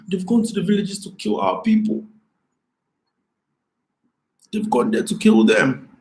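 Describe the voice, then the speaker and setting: Guy on a late night live stream, kinda high voice, really impassioned, keeps repeating himself. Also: moderate pace, vocal fry. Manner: impassioned, repeats phrases, pleads with viewers. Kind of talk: emotional live stream commentary.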